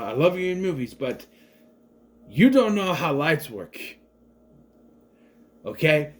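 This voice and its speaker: A man reviewing a movie in a loose, rambling way, full of fillers and false starts. His voice sits fairly high for a man and swings widely up and down as he gets animated. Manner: rambling, chatty, many fillers and restarts; animated, acts out the characters' lines.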